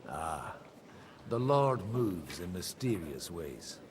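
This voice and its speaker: A sly old soldier-priest. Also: male voice, low-pitched, very animated, slow, background noise, full character voice. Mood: wry. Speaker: game character. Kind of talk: video game voice acting.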